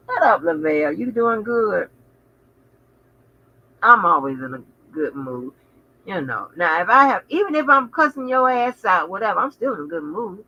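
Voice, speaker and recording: A woman hosting a casual livestream, chatting with viewers in a sassy, profane way full of animated asides. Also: medium pitch, measured pace, slightly rough, lo-fi sound. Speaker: channel host.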